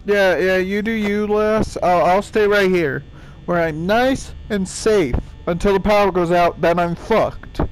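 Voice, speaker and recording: A man's voice: high-pitched, unhurried, slight background noise. A young man giving panicky let's-play commentary, swearing and talking to the game characters. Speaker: gaming youtuber.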